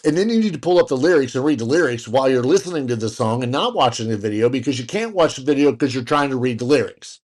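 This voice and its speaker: A man's voice: medium pitch, animated, fast talker, hardly any pauses, darkish tone. A man co-hosting a casual podcast, rambling through news with fillers, restarts and jokey asides. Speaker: podcast co-host. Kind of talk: casual chat.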